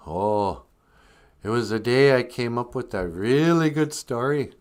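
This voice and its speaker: A man's voice: medium pitch, expressive, a little slow, a little mellow. A man hosting a live stream in a casual, rambling way, joking and reading viewer comments aloud.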